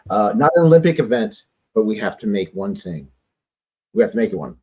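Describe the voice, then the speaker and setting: A man's voice: lowish voice, very animated, brisk, a little mellow, breathy edge, highs cut off. A man co-hosting a casual talk show, easygoing and chatty. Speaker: co-host.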